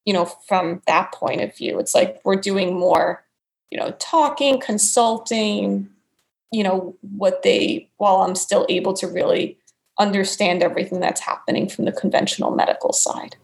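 A woman's voice: medium pitch, normal speed, vocal fry, low-quality recording. A woman with a New York accent, a naturopathic doctor explaining her work as an interview guest, peppering her talk with "you know". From United States. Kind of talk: conversational interview answers.

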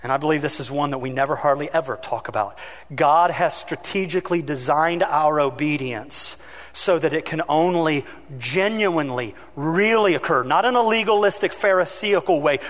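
A pastor with a fairly high-pitched voice preaches inside a large hall. Telling stories with plenty of animation, he acts out the voices within them, including his own shouting.

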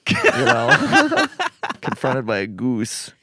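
A young man co-hosting a casual comedy podcast, teasing his friend in a deadpan way. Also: medium pitch, drawn-out words, slight background noise. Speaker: podcast co-host.

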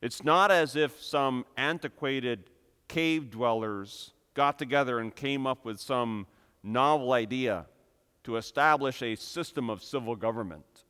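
A man preaching a sermon with emphatic delivery, building to loud, impassioned peaks. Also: mid-range voice, measured pace, smooth. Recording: long reverb of a hall.

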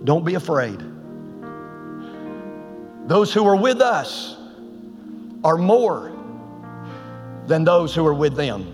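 A man voicing a calm male prophet who reassures his servant in a laid-back way, heard in a church hall. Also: fairly high pitch, slow pace, long pauses, faint music behind. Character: calm unshaken male prophet, middle-aged.

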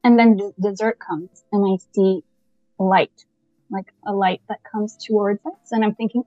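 Woman guest from Canada telling an animated anecdote, laughing often; dull lo-fi recording. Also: mid-range voice, normal speed, dry recording. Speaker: podcast guest. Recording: muffled lo-fi, faint music.

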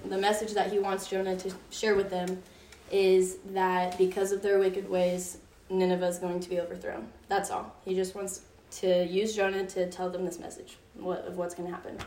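A young youth Bible study leader tells a story casually, full of "like" and side comments. Her voice sits in the mid range and is a little mellow. The recording is distant and echoey, with slight background noise.

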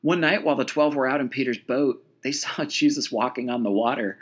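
A man preaching a sermon as a lively story, acting out the scenes as he goes. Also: mid-range voice, moderate pace, few pauses.

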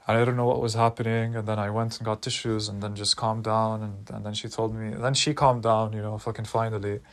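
A man's voice: on the low side, flat delivery, fairly quick. A young man telling a personal story in a rambling, profane, casual way, often repeating words.

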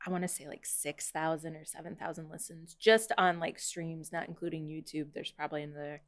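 A woman's voice: low voice, steady tone, brisk. A young woman guest on a casual faith podcast, chatty and emphatic, with frequent "like" fillers.

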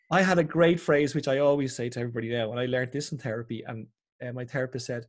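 Irish guy, middle-aged, talks super fast, animated stories, does little voices. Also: mid-range voice. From Ireland. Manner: animated storyteller, acts out voices. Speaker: podcast guest. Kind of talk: casual chat.

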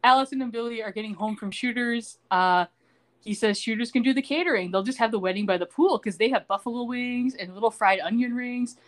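Woman podcast host, slightly high voice, lively recap, acts out quotes. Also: a little fast. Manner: animated storytelling, acts out quoted lines. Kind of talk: casual chat.

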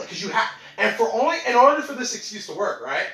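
A man's voice: high-pitched, very animated, fast talker, creaky, hardly any pauses, bright, forceful tone. A man hosting a podcast, joking and slangy, laughing often in a comic monologue. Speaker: podcast host. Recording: roomy, away from mic.

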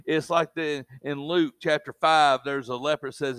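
A man preaching a sermon as a pastor, telling stories in a colloquial way and swinging between loud and hushed delivery. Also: on the high side, steady tone, a little slow, hardly any pauses, smooth, dry recording, studio quality.

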